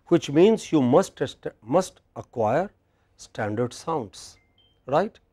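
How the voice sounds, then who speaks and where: A man's voice: on the high side, expressive, slow, dark tone. A man with an Indian English accent giving a classroom lecture on pronunciation, patiently asking his students questions and modelling words for them. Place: university classroom.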